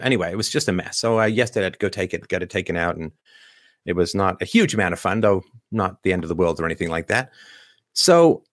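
A man's voice: fairly low pitch, no room sound, studio quality. A man hosting a show, talking through a rambling monologue full of restarts and rhetorical questions. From Canada. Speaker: show host. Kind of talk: casual monologue commentary.

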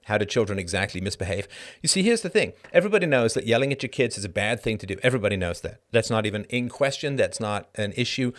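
A middle-aged man hosting a live show, reading an article aloud and breaking off into sarcastic, emphatic commentary whose pitch climbs sharply when he gets indignant. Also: expressive, fast, few pauses. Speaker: podcast host.

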